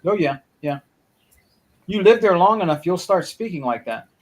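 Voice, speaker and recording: A man's voice: high voice, expressive, moderate pace. A man co-hosting a podcast, chiming in casually with short reactions. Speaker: podcast co-host. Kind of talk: casual chat.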